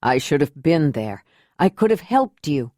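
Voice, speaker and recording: A grown man in anguish, panicky and remorseful, pleading in a lowered, darker voice, as a woman reader puts him on. He speaks slowly, and the sound is close and dry. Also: big pitch swings, dark tone, dry recording. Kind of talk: audiobook character reading.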